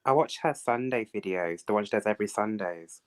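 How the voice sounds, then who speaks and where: An eager young man chats into a live stream through his phone's microphone, excitable and quick to laugh. His voice sits on the lower side for a man. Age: young adult.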